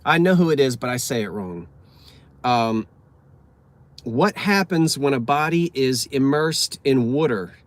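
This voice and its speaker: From inside his car, a man chats away and reads out cheesy one-liners, stumbling here and there and teasing himself. His mid-range voice is animated, and he keeps a measured pace.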